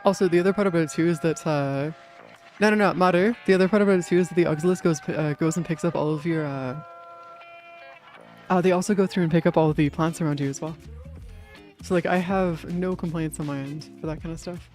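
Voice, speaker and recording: A laid-back gaming streamer who talks in loose, meandering bursts, piling up "uh"s and "like"s with easy casual swearing. The voice sits in an ordinary middle pitch, and faint game music plays underneath. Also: fairly even intonation, quick pace, darkish tone. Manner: rambling, filler-heavy, casual swearing. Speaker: live streamer.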